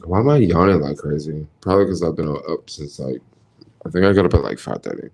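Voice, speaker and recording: American man, deep gravelly voice, dark tone, slangy laid-back livestream chat. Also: fairly quick. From United States. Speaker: vlogger reading viewer comments.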